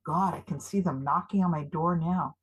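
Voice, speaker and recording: A woman's voice: sits low, moderate pace, husky, low-quality recording. A woman performing live improv, playing an eager, jittery older activist who gushes over every idea and frets about being found. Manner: gushing, excitable, a little paranoid.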